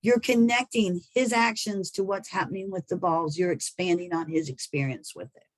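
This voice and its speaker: A middle-aged woman giving a training presentation on infant care. She explains in a plain, steady way and now and then drops into soft, sing-song baby talk as an example. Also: lowish voice, moderate pace, no room sound, low-quality recording. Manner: plain, explanatory delivery with small restarts. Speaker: early learning trainer.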